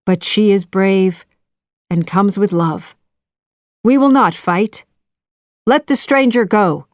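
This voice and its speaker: A woman's voice: medium pitch, expressive, takes it slowly, no room sound, clean studio sound. A woman doing a stern commanding chief. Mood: solemn. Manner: commanding, shouting orders. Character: stern tribal chief, older man, commanding. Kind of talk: children's audiobook reading.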